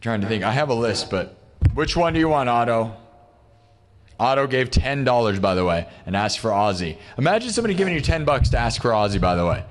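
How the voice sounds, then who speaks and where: A man's voice: medium pitch, sing-song, brisk, a little hiss or hum. A man hosting a live music stream, chatting casually with viewers in an upbeat, rambling way, thinking aloud and restarting his sentences. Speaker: livestream musician host.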